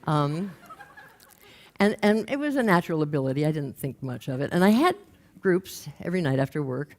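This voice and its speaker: An older woman, a career coach, telling a story to an audience with humor and lively acted-out quotes. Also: deep voice, moderate pace. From United States. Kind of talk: storytelling talk.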